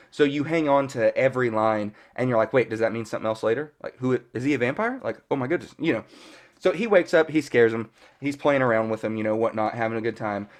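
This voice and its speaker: Thirty-ish dude rambling through a show recap, lots of "you know", mid pitch. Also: male voice. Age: 30s. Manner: rambling, peppered with "you know" and mild cursing. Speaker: fan reviewer. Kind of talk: casual episode recap.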